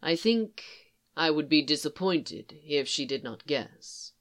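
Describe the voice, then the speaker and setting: A reader voicing a composed, formal male alien admiral who speaks in a measured, low and quiet way. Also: lively intonation. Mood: calm, formal.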